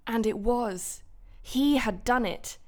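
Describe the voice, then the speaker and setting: A woman teaching a Bible lesson to children in a gentle way, asking her listeners questions. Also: a little high, slow.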